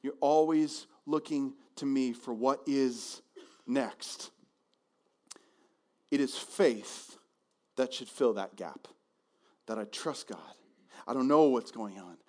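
A male pastor preaching a sermon in a conversational, animated way, often repeating words as he goes. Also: medium pitch, takes it slowly, pauses often.

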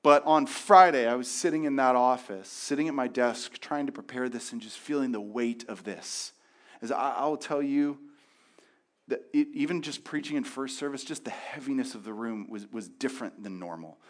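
A man's voice: mid-range voice, normal speed. A man who is a pastor, giving a sermon candidly, with frequent restarts and repeated words.

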